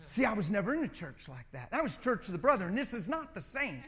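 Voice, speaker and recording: A middle-aged man preaching, telling a personal story in an animated way and often repeating words. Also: sits high, fast talker, background noise. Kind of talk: sermon.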